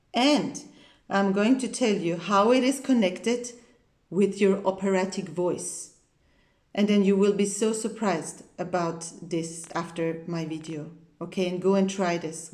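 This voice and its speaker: Slow, emphatic woman vocal teacher, roomy echo. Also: darkish tone. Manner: emphatic, repeats key points, demonstrates with low creaky sounds. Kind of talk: spoken singing lesson to camera.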